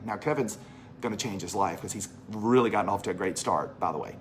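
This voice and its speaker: A man's voice: on the low side, expressive, brisk, a little hiss or hum. A man from Mississippi with a Southern accent, presenting a business opportunity to an audience in a chatty, storytelling way and repeating phrases for emphasis. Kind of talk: animated sales pitch to a live audience.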